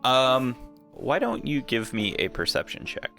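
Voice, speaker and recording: A man running a tabletop game as game master, relaxed and full of fillers like uh and um. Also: medium pitch, unhurried, soft background music. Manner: relaxed, hesitant with frequent fillers.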